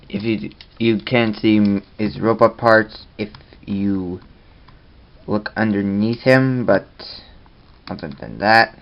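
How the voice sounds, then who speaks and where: A man hosting a casual toy review vlog, talking in a rambling, halting way. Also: fairly low pitch, highs cut off.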